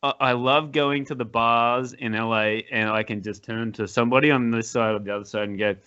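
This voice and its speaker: Smooth-voiced male podcast host. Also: medium pitch, fairly even intonation, pushed and bright, highs cut off. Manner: rambling, halting, with many restarts. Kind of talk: casual interview chat.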